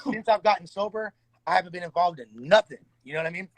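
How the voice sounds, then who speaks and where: A man's voice: high-pitched, lively intonation, fast talker, no room sound, low-quality recording. A man in casual podcast chat, slangy and profane, often stammering and restarting his sentences. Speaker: podcast co-host.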